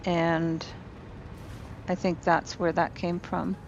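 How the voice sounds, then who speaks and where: A woman's lowish, gravelly voice comes through slowly and flatly as she streams a game from her home apartment. She chats casually with viewers and thinks aloud while building, over lo-fi sound with slight background noise.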